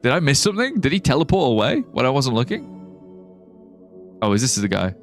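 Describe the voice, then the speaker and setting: A man's voice: mid-range voice, sing-song, a little fast, soft background music. A young man streaming a game live, chatting loosely, swearing casually and laughing at his own ideas. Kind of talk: live gameplay commentary.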